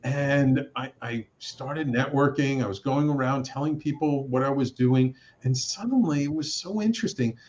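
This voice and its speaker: A middle-aged man, a radio network producer and host, telling his story in a casual interview, animated and acting out the voices he quotes, with many restarts. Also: medium pitch, normal speed, hardly any pauses. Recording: slightly dull lo-fi sound.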